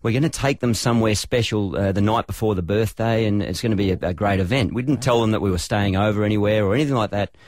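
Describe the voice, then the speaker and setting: An Australian man co-hosting a radio show, telling a family story in relaxed chat with many fillers. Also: fairly low pitch, fast talker, few pauses, dry recording, clean studio sound. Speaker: radio co-host. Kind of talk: casual radio banter.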